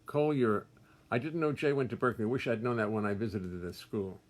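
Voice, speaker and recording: This older man talks briskly at a medium pitch, and there's a little hiss or hum in the sound. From his music studio he runs a casual livestream, calling out viewers' names with warm greetings and wry, self-deprecating humor in a chatty manner.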